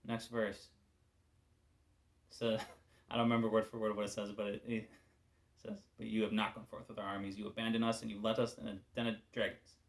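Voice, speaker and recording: A man giving an informal devotional talk as a preacher, casual and candid, weary and subdued, often trailing off into quiet asides. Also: on the low side, little pitch movement, a little fast, pauses often.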